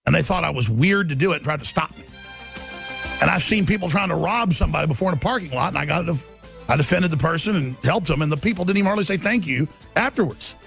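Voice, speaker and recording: A man's voice: fairly high pitch, lively intonation, fast, creaky, fairly bright tone, soft background music. A man hosting a talk-radio show, ranting in an impassioned, repetitive monologue into a studio microphone. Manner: ranting, repetitive, acts out quotes in mocking voices.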